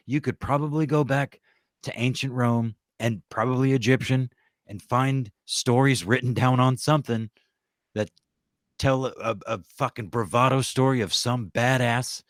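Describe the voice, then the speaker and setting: A man's voice: mid-range voice, no room sound, clean studio sound. A man co-hosting a casual voice-chat podcast, rambling and joking with lots of profanity. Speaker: podcast co-host.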